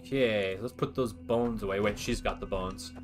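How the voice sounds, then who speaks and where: A man's voice: on the low side, normal speed, faint music behind. A man streaming a game and chatting casually, rambling through opinions with lots of "like" and fillers. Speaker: livestream gamer. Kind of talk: casual gaming commentary.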